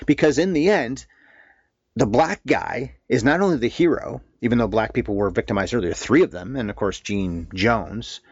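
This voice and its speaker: A man co-hosting a casual film discussion, animated and blunt, with some swearing. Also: mid-range voice, moderate pace, breathy edge, no room sound, lo-fi sound. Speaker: film podcast co-host.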